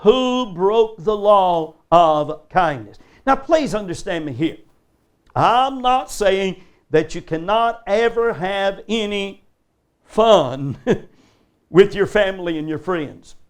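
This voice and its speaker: A man's voice: sits high, animated, takes it slowly, smooth. An older man preaching a live sermon in a church, addressing the congregation with emphatic rhetorical questions. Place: church service before a congregation.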